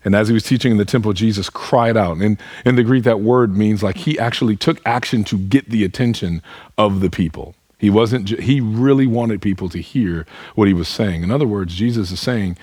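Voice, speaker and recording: A man's voice: lowish voice, fairly quick, a little mellow, slightly rough, no echo. A pastor preaching a sermon, earnest, putting direct questions to his listeners. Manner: speaks to the congregation as "y'all".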